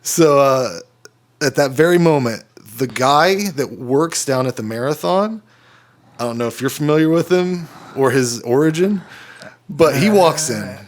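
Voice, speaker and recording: A man's voice: a little high, animated, unhurried, slight background noise. A man co-hosting a casual podcast, telling a rambling story with lots of swearing and laughter. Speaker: podcast co-host.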